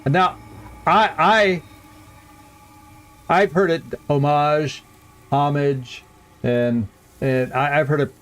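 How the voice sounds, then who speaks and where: A man's voice: on the high side, lively intonation, takes it slowly, pauses often, a bit bright. A middle-aged man giving chatty, rambling commentary while playing a game, chuckling often. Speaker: let's play host. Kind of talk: casual gameplay commentary.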